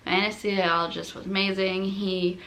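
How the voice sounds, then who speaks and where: Gravelly-voiced young woman chatting casually. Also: medium pitch, flat delivery, fairly quick, fairly bright tone. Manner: chatty, laughs often, says like a lot. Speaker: vlogger telling her birth story. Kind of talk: casual chat. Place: home at night.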